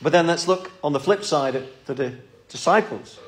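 A man's voice: a little high, expressive, normal speed. A man preaching a sermon in a church, earnest and pleading, often repeating his words.

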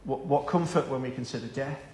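A man's voice: mid-range voice, fairly quick, a little mellow, roomy sound, slight background noise. A man preaching an evening Bible-study sermon, earnest and given to repeating words as he stresses a point.

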